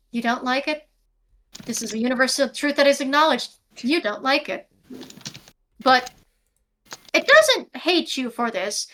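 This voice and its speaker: A woman's voice: sits high, bright, forceful tone, slight background noise. A woman narrating a tabletop game as game master over a video call, descriptive and prone to self-corrections.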